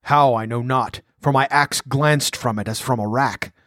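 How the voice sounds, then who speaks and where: A man voicing a wounded, wrathful barbarian king in a storybook reading, with a growling, forceful delivery. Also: mid-range voice, moderate pace, dry recording, studio quality, close to an everyday voice. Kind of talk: audiobook character voice.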